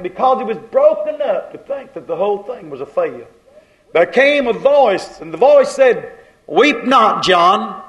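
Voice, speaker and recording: A man preaching a sermon with fervor, swelling loud and then dropping to a hush. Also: high-pitched, rough recording.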